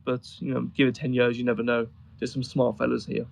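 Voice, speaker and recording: Gravelly-voiced man telling rambling stories. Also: medium pitch, completely flat delivery, fairly quick, rough recording. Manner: rambling, amused storytelling with many fillers. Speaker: guest describing travels in Afghanistan. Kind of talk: casual conversation on a voice chat.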